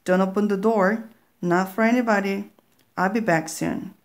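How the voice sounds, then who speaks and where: A woman's voice: medium pitch, steady tone, moderate pace, lightly acted. A woman voicing a caring mother who warns her daughter, in a storybook reading. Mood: firm.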